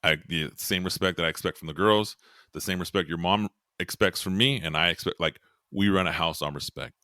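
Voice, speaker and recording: A man's voice: deep voice, fairly quick, bright, forceful tone, no echo, clean studio sound. A middle-aged man, a podcast guest, earnestly telling a personal story and repeating words as he thinks. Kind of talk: candid storytelling.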